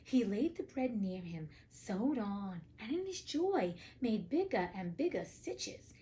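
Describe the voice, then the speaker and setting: A woman's voice: medium pitch, sing-song, takes it slowly, mellow. Chatty woman reading fairy tales aloud. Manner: cheeky, profane side comments. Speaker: podcast host and audiobook reader. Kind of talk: casual storybook reading with asides.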